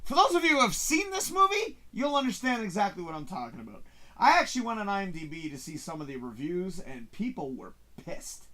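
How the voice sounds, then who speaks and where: Excitable, high-voiced male show host. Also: fairly quick. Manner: excitable and profane, acts out his own reactions. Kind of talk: casual movie review chat on a live stream.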